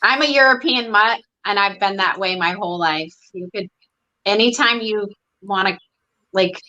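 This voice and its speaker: A woman's voice: medium pitch, normal speed, pushed and bright, lo-fi sound. A woman from Las Vegas joining a podcast chat on a video call, speaking in an earnest, sincere way. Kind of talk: casual chat.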